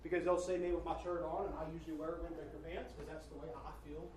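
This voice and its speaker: A man preaching as pastor to his congregation, reading quotes slowly and loudly with a preaching cadence. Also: on the high side, little pitch movement, a little hiss or hum. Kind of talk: sermon. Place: church sanctuary. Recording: echoey church from far off.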